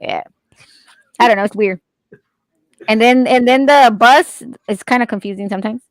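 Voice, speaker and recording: A woman's voice: fairly high pitch, normal speed, no echo, low-quality recording. A woman in a casual chat, talking freely with plenty of swearing and frequent laughter. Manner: chatty, profane, laughs often.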